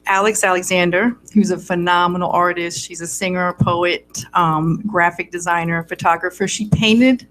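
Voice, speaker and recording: A woman with a raspy voice, a singer-songwriter chatting easygoing as a guest in a radio studio. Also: steady tone, moderate pace, hardly any pauses, fairly bright tone, a little hiss or hum. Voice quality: raspy low voice. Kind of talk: casual radio interview chat.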